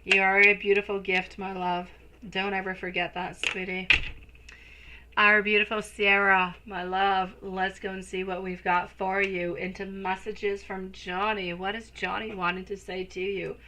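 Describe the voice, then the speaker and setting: A woman's voice: medium pitch, little pitch movement, measured pace, background noise. A woman reading tarot on a live stream, gushing over viewers and calling them sweetie and my love. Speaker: tarot reader.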